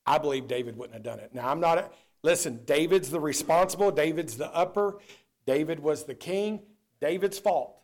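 Animated high-voiced preacher. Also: male voice, normal speed. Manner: animated preaching, swings from loud to low. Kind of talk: sermon.

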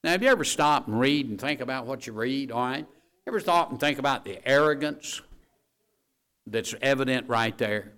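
A male preacher delivering a sermon in an easy, conversational tone. He leans on repetition and plain talk. At key points he climbs into a loud, raised voice to drive the lesson home. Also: moderate pace, clean tone. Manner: conversational preaching that builds to loud, high-pitched emphasis.

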